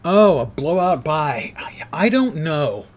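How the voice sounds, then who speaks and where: An older man in his sixties talks casually while playing a game live, his voice sitting a little high. He rambles easily between gameplay and small talk, dropping dry, self-mocking jokes. He sounds close to a desk mic at home. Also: sing-song, slow pace. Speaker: streamer.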